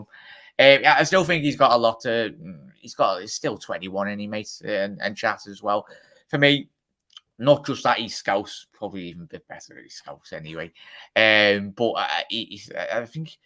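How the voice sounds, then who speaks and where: A man's voice: mid-range voice, pushed and bright. A man in his twenties hosting a casual livestream, chatting loosely and greeting viewers by name. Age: 20s. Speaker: livestream host.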